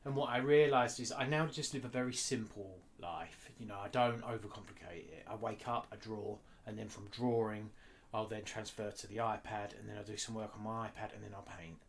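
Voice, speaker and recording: A man talking candidly in an interview, blunt and animated, swearing freely. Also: fairly low pitch, fairly quick, slight background noise. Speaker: guest artist.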